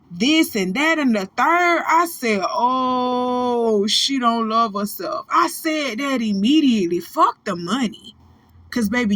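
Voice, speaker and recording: This is a woman in her thirties who hosts a gossip commentary channel, and her voice sits a touch high. She lectures celebrities by name in a blunt, preachy style and swears freely. The recording is dry and close, with no room sound. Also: a bit bright, no echo. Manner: preachy, profane, scolding, addresses people directly.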